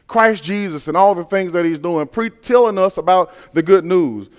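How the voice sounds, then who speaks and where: A man's voice: high-pitched, normal speed, clean tone. A man preaching a sermon to his congregation, talking emphatically, repeating his phrases and asking rhetorical questions.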